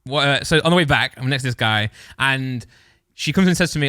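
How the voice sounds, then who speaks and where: A man's voice: mid-range voice, expressive, fast talker, few pauses, bright, forceful tone, smooth, no echo, studio quality. A young man telling a rambling story on a podcast, often breaking off and laughing as he goes. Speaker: podcast co-host. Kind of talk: casual storytelling chat.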